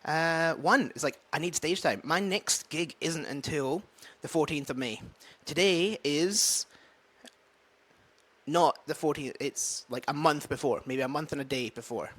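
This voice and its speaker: A man's voice: fairly high pitch, a little slow, a bit bright. A man with a Scottish accent, an open mic comedian, chatting casually in a vlog, rambling and thinking aloud with many fillers. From Scotland. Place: at home with a dog.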